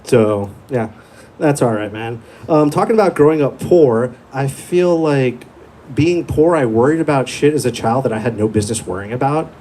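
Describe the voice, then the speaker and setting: A man's voice: mid-range voice, expressive, normal speed, warm tone, a little hiss or hum. A young man doing a crude, profane stand-up set in a small comedy club, telling stories in a laid-back way into a handheld mic.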